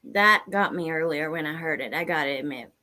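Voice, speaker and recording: A woman's voice: low-pitched, fairly quick, bright, forceful tone. A woman hosting a livestream, reacting to an interview clip and reading out viewers' chat comments as she muses aloud. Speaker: livestream host.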